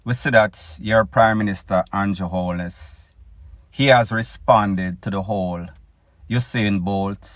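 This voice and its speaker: A man's voice: on the low side, slow pace, a bit bright, dry recording, studio quality. A man with a Jamaican accent hosting his own news commentary show, opinionated and addressing his listeners directly. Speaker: news blogger host.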